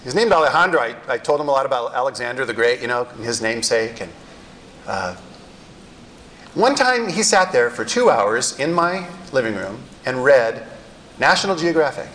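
A middle-aged male pastor telling stories in a sermon, animated and wryly self-deprecating. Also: medium pitch, moderate pace, a little hiss or hum, rough recording. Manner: animated storyteller with wry self-deprecating humor. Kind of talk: sermon storytelling.

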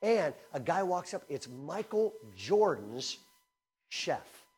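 Lively conversational man preaching a sermon. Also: takes it slowly, breathy edge. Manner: energetic, conversational, swings between loud emphasis and low asides. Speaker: speaker at a camp teaching session.

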